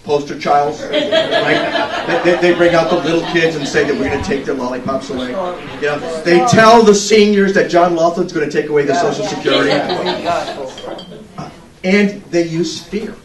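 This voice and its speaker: A man's voice: a little high, lively intonation, moderate pace, over a noisy crowd. A middle-aged man giving a folksy, storytelling political speech at a fundraiser. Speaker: political speaker. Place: indoor event room. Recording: echoey room, distant mic, background noise.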